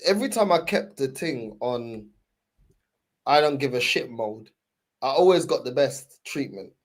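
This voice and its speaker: A man's voice: mid-range voice, lively intonation, measured pace. A man with a London accent, bantering loosely and laughing in a casual podcast chat. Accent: London English.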